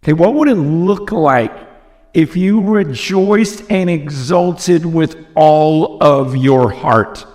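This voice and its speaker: Man, American preacher, slow emphatic sermon, repeats phrases, higher voice, church hall. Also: a little mellow. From United States. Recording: long reverb from a large hall.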